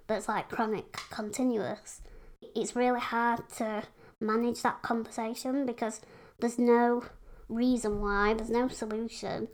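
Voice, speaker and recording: A chatty woman from England, speaking openly as a podcast guest. Her voice sits a little high, and her talk is loose and full of fillers. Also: fairly even intonation, normal speed. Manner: chatty, frank, lots of fillers. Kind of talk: casual conversation.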